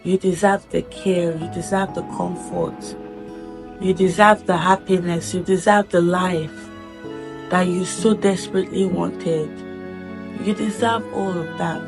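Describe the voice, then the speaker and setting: A woman's voice: on the low side, fairly even intonation, a little slow, faint music behind. A woman speaking in a heartfelt personal vlog, earnest and reflective, repeating phrases for emphasis. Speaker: vlogger.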